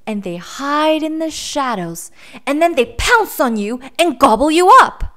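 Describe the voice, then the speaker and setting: A woman voicing a high, frightened little lost boy. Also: animated, measured pace, a bit bright. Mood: insistent.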